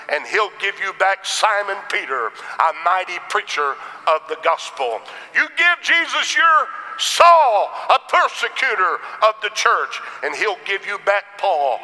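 A man's voice: on the high side, pushed and bright, big-room sound, slight background noise, rough recording. A man preaching a sermon in a rhythmic style, punctuated with Amens.

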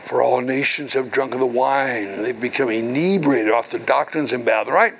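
Preaching to his church congregation, an older minister reads from scripture and unpacks it with call-and-response asides, peppered with "hello" and "right." He talks briskly at a medium pitch with vocal fry, and the poor audio carries a little hiss or hum.

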